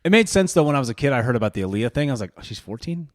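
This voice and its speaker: A man co-hosting a podcast in a relaxed, teasing way, laughing between jokes. His voice swings widely up and down in pitch. The sound is close and dry, with no room echo. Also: very fast. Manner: joking, teasing, laughs often. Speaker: podcast co-host. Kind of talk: casual chat.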